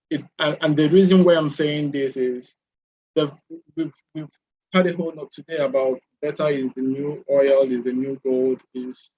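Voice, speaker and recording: Guy on a video call panel, keeps restarting, warm voice, faint noise behind. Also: mid-range voice. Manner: halting, many restarts and fillers. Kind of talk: virtual panel answer. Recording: dull lo-fi video call audio.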